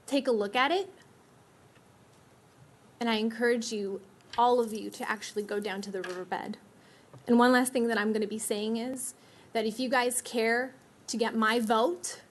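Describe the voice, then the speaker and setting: A woman giving a blunt, scolding public comment to county officials. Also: on the high side.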